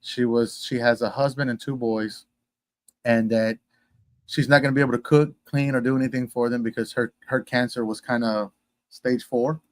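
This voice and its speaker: A man's voice: medium pitch, fairly even intonation, normal speed, no room sound. A man from Texas, a guest telling a personal story in casual conversation, acting out the voices he quotes.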